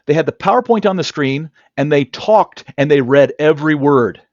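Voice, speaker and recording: A man's voice: fairly high pitch, normal speed, dry recording, lo-fi sound. A man, a negotiation trainer, telling stories in an interview over a video call and acting out quoted dialogue. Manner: animated, acts out quoted dialogue. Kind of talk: interview storytelling. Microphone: video call camera.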